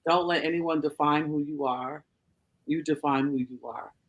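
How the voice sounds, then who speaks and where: A woman's voice: low-pitched, fairly even intonation, moderate pace, highs cut off. A woman pastor speaking as a podcast guest, earnest and encouraging in casual chat.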